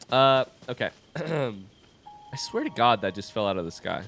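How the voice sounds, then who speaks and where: A young man commentating his own blind playthrough of a video game, awestruck and excitable, swearing when surprised. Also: mid-range voice, unhurried, vocal fry, a little hiss or hum. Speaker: gaming streamer. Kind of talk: live gameplay commentary.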